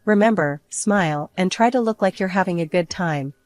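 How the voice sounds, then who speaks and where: A cold, controlling husband, voiced by a woman narrator in a read-aloud story. He speaks firmly in short, scolding phrases, in a fairly low voice. The sound is close and dry. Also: moderate pace, no room sound, faint music behind, lightly acted. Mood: stern. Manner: firm, clipped, scolding.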